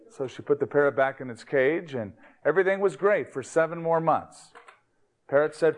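A man's voice: a little high, moderate pace. A man preaching a sermon, opening with a joke in an easygoing, folksy storytelling manner. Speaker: pastor.

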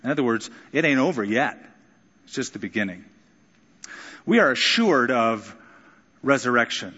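A man preaching a sermon in a long, ringing hall, his voice caught on a muffled, dull recording. He is expressive, lifting his voice high when he acts out quotes and dropping low for quiet moments. His pitch sits in an ordinary middle range. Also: normal speed, slightly rough. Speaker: pastor.

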